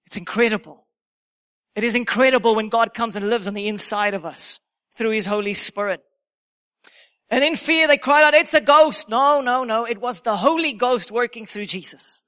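A male preacher with a strikingly high voice delivers a sermon. His tone is bright and sharp. He hammers home key phrases by repeating them with emphasis.

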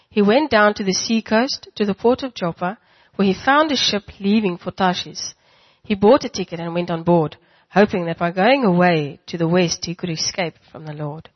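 Woman reading scripture aloud, dry lo-fi sound, mid pitch. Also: dry recording. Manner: steady reading, voices the quoted speakers. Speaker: scripture reader.

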